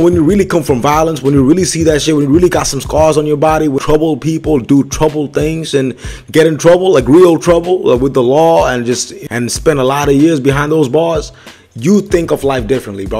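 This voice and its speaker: A man's voice: fairly high pitch, a little fast, darkish tone, faint music behind. A young man hosting his own show, talking in a loose, casual monologue full of street slang and filler asides. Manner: loose street slang, keeps tossing in "bro" and "son".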